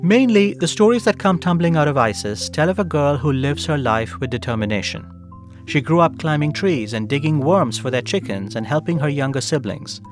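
A man hosting a radio feature, narrating a guest's story in a measured way and asking her questions. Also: a little high, expressive, soft background music. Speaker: radio show host and interviewer. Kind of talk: scripted narration with interview questions.

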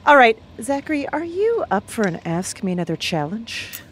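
A woman's voice: a little high, very animated, moderate pace, a bit bright, slight background noise. A woman from Canada hosting a radio quiz show, asking chatty, playful questions.

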